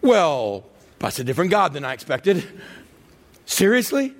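Animated high-voiced male pastor. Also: measured pace. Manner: animated, dramatic, swings between loud and hushed. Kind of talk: sermon.

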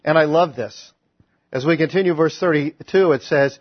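Husky high-voiced male preacher. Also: normal speed, no room sound. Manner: conversational, animated storytelling with frequent restarts. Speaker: pastor. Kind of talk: sermon. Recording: dry, slightly dull recording.

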